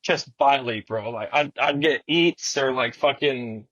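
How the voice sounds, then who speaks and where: On a podcast, a young male skateboarder tells a laid-back, animated story full of slang and curse words, performing the lines people said. His mid-range voice moves a little slowly, and the recording is echo-free with the highs cut off.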